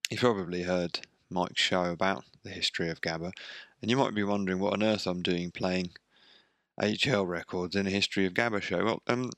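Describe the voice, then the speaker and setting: A man hosts a radio show in a deep, low voice. He rambles casually and pokes fun at himself, with plenty of fillers. The studio sound is dry and close, with no room echo. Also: creaky, fairly bright tone. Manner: rambling, self-deprecating, many fillers.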